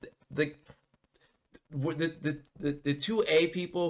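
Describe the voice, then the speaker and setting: A man's voice: on the high side, fairly even intonation, unhurried. A man ranting casually about politics in an agitated, profane way, full of ums and restarts. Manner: heated, profane, many fillers and restarts. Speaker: political commentary vlogger.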